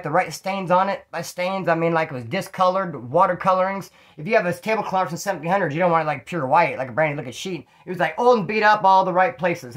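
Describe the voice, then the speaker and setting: Man, quick rambling storyteller, slangy, swears a lot, repeats himself. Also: high-pitched, fairly bright tone. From California. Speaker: storyteller about prison life. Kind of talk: casual storytelling monologue.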